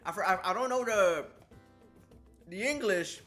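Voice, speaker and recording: A man streaming casually, talking haltingly with a slight lisp from a sore tongue, repeating words and struggling with S sounds. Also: sits high, animated, bright, forceful tone, faint music behind. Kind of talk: casual livestream chat.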